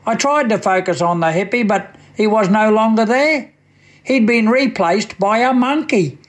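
A man's voice: sits high, moderate pace. A man with an Australian accent reciting a comic bush poem on radio in a dry storytelling drawl. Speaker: radio poet.

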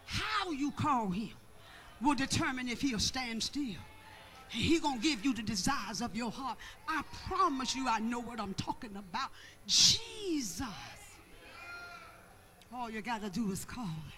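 A pastor preaching a sermon with passion, shouting and half-singing repeated refrains. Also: mid-range voice. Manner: repetitive call-and-response preaching.

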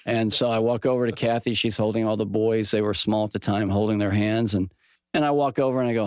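A middle-aged man teaching from the Bible in a relaxed, folksy way, mixing scripture with a personal sports story and lively quoted dialogue. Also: fairly low pitch, quick pace, smooth, dry recording, studio quality. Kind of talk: conversational Bible teaching with stories.

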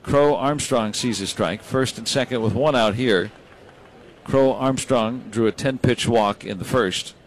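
Brisk baseball play-by-play man. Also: mid-range voice, a little hiss or hum. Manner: brisk, rising with big plays. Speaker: play-by-play announcer.

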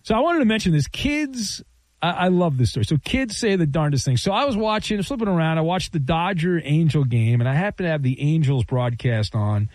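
A man's voice: on the high side, lively intonation, darkish tone, no echo. A male sports radio host telling stories with wry asides, speaking into a studio microphone. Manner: wry, storytelling, quick asides.

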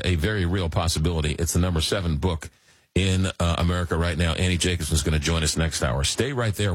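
A man hosting a radio talk show, joking and animated, repeating words as he gets going. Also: deep voice, slightly rough, no echo. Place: radio studio.

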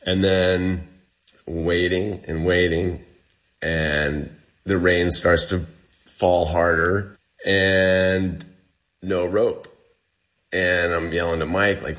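Man, low-pitched voice, casual storyteller, acts out what people said, says "like" a lot. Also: slow pace. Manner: lively storytelling, acts out dialogue with lots of "like". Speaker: interview guest.

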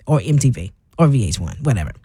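A woman's voice: a bass voice, very animated, fast talker, mellow, slightly rough, no room sound, studio quality. A woman in her fifties hosting a radio show, chatting casually and laughing as she talks. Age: 50s. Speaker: radio host. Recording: radio broadcast with music underneath.

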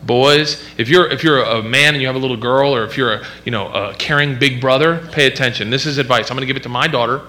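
A male stand-up comedian who rambles through his bit, leaning on fillers and slipping into quick acted voices. His pitch sits in an ordinary middle range. Clear background noise runs under the live recording. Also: sharp tone.

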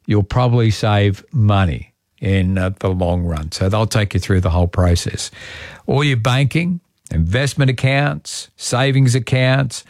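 A man's voice: fairly low pitch, a little slow, darkish tone, no room sound, clean studio sound. A man with an Australian accent hosting a radio show, chatting casually and reading local ads in a laid-back, matey way. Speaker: radio host. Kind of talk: casual radio chat and live reads.

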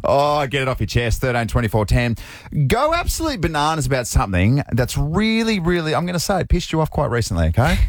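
An Australian man hosting a breakfast radio show, lively and laughing often. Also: on the high side, quick pace, dry recording, studio quality. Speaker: radio host.

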